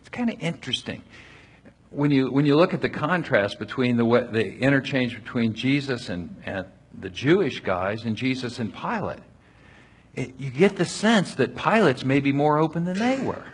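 A man's voice: mid-range voice, lively intonation, moderate pace, slightly rough. A man leading a Bible study, reading passages aloud and explaining them in a conversational way with frequent restarts.

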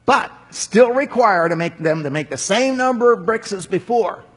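A man's voice: high voice, animated, normal speed, a bit bright, husky, pitched above the performer's own voice, exaggerated voice. A man voicing an angry, domineering Egyptian king who barks harsh orders. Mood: commanding. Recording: long hall reverb.

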